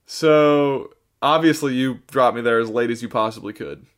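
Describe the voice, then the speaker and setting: A man's voice: medium pitch, normal speed, a bit bright. A man on a podcast telling a long travel story in casual chat, rambling with many fillers and restarts, sounding tired. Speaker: podcast co-host.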